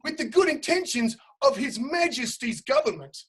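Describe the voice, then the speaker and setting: A woman's voice: high-pitched, big pitch swings, moderate pace, a bit bright, husky, exaggerated voice. A woman playing a pompous, blustering male aristocrat official with a put-on upper-class English accent, in a comic stage reading. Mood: outraged. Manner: indignant, self-important, prone to outbursts. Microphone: home setup, remote quarantine recording.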